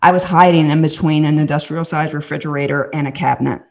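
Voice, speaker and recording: Low-voiced Southern woman telling stories. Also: steady tone, fast talker, vocal fry, darkish tone. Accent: Southern American. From American South. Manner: earnest, chatty storytelling with acted-out quotes. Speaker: podcast host and guest storyteller. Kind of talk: casual faith conversation.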